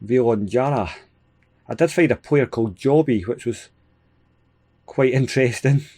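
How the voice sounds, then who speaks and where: A Scottish man hosting a gaming video, giving casual, excitable play-by-play with frequent chuckles. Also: mid-range voice, unhurried. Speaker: gaming channel host. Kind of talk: casual let's-play commentary.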